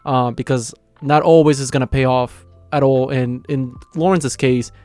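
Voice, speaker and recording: A man's voice: mid-range voice, fairly even intonation, moderate pace, warm tone, no room sound, faint music behind. A young man hosting his anime channel, recapping an episode in a rambling, casual way full of quoted lines and fillers. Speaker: anime reaction channel host.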